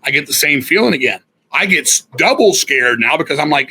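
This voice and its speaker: A middle-aged man talks as a podcast guest, spinning a long story full of swearing and restarts. His voice sits a little high for a man. It has a forceful, bright edge. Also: sing-song, fairly quick, husky. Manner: profane, rambling, self-correcting storyteller. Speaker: guest musician. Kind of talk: candid storytelling interview.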